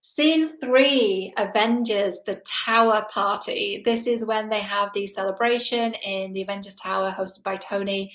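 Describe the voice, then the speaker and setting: A woman's voice: medium pitch, measured pace, hardly any pauses, fairly bright tone. Chatty woman with a roomy echo. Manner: enthusiastic and chatty. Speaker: film analysis video host. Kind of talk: casual film commentary.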